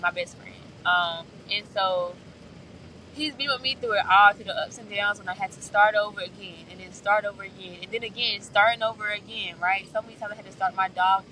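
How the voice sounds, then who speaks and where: A woman's voice: mid-range voice, fairly even intonation, brisk, bright, forceful tone, recorded from a distance, low-quality recording. A woman sharing an earnest, heartfelt personal faith vlog, often checking in with her listeners as she talks. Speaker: faith vlogger. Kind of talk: candid personal vlog monologue.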